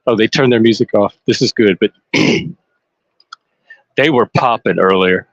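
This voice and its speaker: A man, casually commenting on a parade live for listeners, excitable and chatty. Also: lowish voice, takes it slowly, dry recording, dull audio. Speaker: live stream panelist. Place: outdoors at a street parade.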